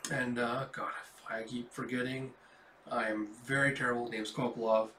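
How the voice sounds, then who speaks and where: A man's voice: medium pitch, little pitch movement, moderate pace, pushed and bright, far from the mic, slight background noise. A man casually reading a comic book aloud, describing the panels with frequent filler words. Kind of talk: casual comic readthrough narration. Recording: echoey room.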